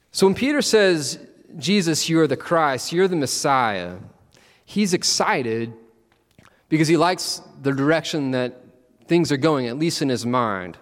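A man preaching a sermon, telling the story with animated, acted-out quotes. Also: a little high, a little slow. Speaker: pastor. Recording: long reverb of a large hall.

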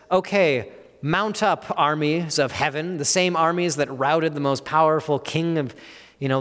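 A man preaching a sermon on a psalm, earnest and halting, with frequent restarts and "you know" fillers. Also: a little high, fairly bright tone. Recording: long hall reverb.

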